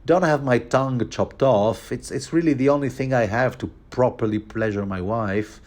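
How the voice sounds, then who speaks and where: A man's voice: mid-range voice, moderate pace, a little mellow, close to an everyday voice. A man voicing a drunk, witty dwarf lord who mumbles blunt threats and self-mocking jokes. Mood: groveling.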